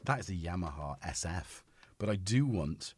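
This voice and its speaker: Streamer, middle-aged, husky voice, lively swoops in pitch, rambling chat. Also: male voice, normal speed, no echo. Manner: rambling and chatty, talks to his cat. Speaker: livestream host. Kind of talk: casual livestream chat. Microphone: studio dynamic microphone.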